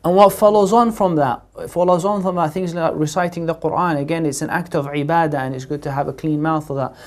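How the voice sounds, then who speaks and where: A man gives a televised religious lesson in a fairly high voice. He speaks earnestly and keeps rephrasing each point, with plenty of "uh" fillers as he works through the explanation. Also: steady tone, brisk. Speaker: Islamic teacher presenting a TV series.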